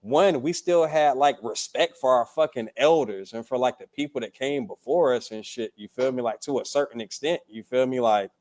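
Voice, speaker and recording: A man's voice: mid-range voice, normal speed, hardly any pauses, a little mellow. A young man from Durham, talking as a podcast guest in a laid-back, profane way, tagging lines with "you feel me". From Durham, North Carolina. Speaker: poet and musician guest. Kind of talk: casual podcast interview.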